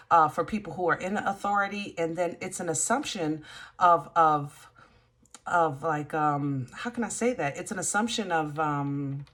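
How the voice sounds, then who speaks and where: A woman's voice: fairly low pitch, fairly bright tone. A woman hosting a casual tarot reading, talking to her viewers in a chatty, emphatic way with lots of fillers. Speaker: tarot reader.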